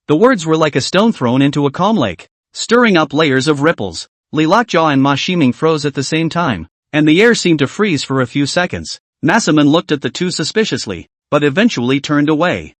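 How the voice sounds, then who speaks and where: A man's voice: fairly high pitch, normal speed, few pauses, no room sound. A man narrating a comic recap story in a scripted reading style. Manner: animated storytelling, reads every figure himself.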